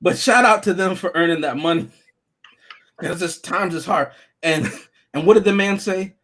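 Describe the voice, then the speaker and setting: A man's voice: sits high, moderate pace, fairly bright tone. A man co-hosting a casual podcast chat, rambling and joking as he talks. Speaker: podcast co-host.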